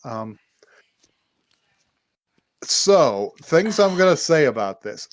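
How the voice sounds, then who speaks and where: A man's voice: on the high side, big pitch swings, slow, dry recording, clean studio sound. A man co-hosting a podcast, casually recapping an anime and acting out the characters' lines between laughs. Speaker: podcast co-host.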